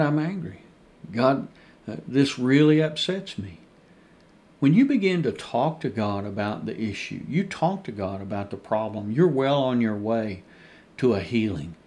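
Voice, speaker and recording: A male pastor with a mid-pitched, gravelly voice leads a Bible study. He speaks earnestly, drives each point home by repeating it, and addresses his listeners as dear friends. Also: darkish tone.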